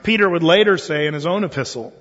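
Husky-voiced male preacher in echoing hall. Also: a little high, quick pace, lo-fi sound. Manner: conversational, animated storytelling with rhetorical questions. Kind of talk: sermon.

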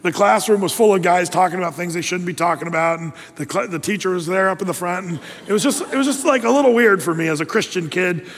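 A man in his fifties, a pastor preaching a sermon in a lively, conversational way and reading scripture aloud. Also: high-pitched, fast, few pauses, in a large hall, slight background noise.

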